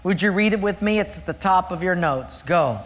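A man preaching a sermon as pastor, reading scripture slowly and deliberately and joking with the congregation. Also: sits high, animated, fairly bright tone, long reverb tail. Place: church sanctuary.

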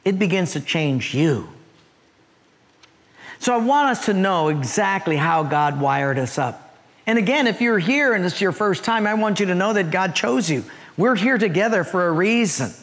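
His voice sits high, and a long reverb tail lingers in the church sanctuary. Preaching to his church, this male pastor shares humorous stories, lively and voicing the characters himself.

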